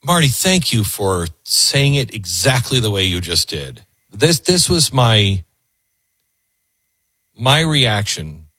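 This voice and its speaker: Male talk radio host, husky, earnest, restarts his thoughts out loud, dry studio sound. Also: fairly low pitch, sing-song, slow pace, dry recording. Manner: earnest, repeats words as he thinks aloud. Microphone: studio microphone.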